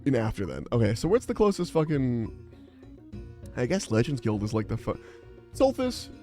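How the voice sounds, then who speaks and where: A young adult man chats casually on a livestream in a rambling, exasperated, profane way. His mid-range voice has a dark tone and huge pitch swings at a normal speed, and faint music plays behind him.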